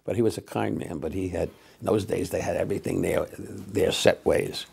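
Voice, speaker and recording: A man in his eighties, a comedian telling old show-business stories in a rambling, halting way, full of fillers and wry asides. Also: sits low, fairly even intonation, darkish tone. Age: 80s. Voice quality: gravelly, husky. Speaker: comedian reminiscing. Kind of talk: casual anecdotal storytelling.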